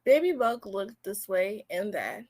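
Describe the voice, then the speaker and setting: A woman's voice: medium pitch, big pitch swings, measured pace, darkish tone. A teenage girl on a video call reading a picture book aloud, correcting slips as she goes. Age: teens. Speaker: student volunteer reader.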